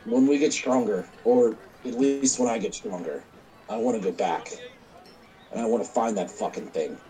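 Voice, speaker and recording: A man's voice: lowish voice, normal speed, dark tone, faint music behind, poor audio. A man playing a tabletop role-playing game, talking in an earnest, blunt way. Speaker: player. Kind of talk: casual tabletop play.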